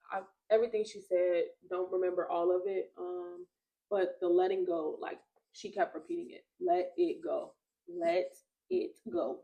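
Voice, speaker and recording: A woman's voice: fairly low pitch, creaky, rough recording. A young woman hosting a faith podcast, telling a personal story in casual chat and acting out the quotes. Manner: animated storyteller, acts out quotes. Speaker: podcast host.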